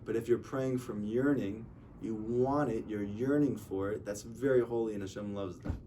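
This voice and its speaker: Rabbi lecturing a class in a low, conversational voice, acting out anecdotes, heard from a distance with light noise. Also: male voice, moderate pace, dark tone. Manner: conversational, tells stories and acts out dialogue. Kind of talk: informal religious lecture. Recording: distant mic with faint noise.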